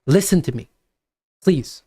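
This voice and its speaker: A man's voice: a little high, lively intonation, measured pace, mellow, breathy edge, no echo. An earnest parent pleads with a daughter, coaxing and insistent, as a man acts him out. The voice swings widely up and down as he repeats himself. It stays close to an everyday speaking voice.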